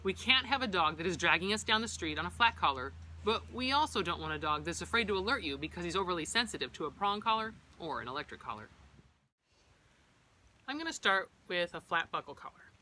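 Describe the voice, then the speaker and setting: A woman's voice: fairly low pitch, lively intonation, brisk, bright, forceful tone, slight background noise. A middle-aged woman who trains service dogs, explaining equipment in a practical, personal vlog style. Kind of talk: instructional vlog.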